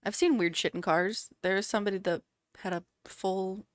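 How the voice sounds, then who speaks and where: A woman's voice: mid-range voice, steady tone, normal speed, dry recording. Chatty woman podcast co-host, dry sound. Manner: chatty, reads beer details aloud with filler words. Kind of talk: casual chat.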